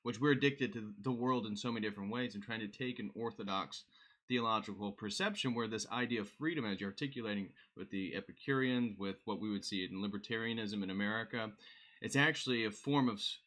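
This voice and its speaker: Male host, lowish voice, earnest and reflective in conversation. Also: fairly bright tone. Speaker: livestream host. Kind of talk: casual conversation.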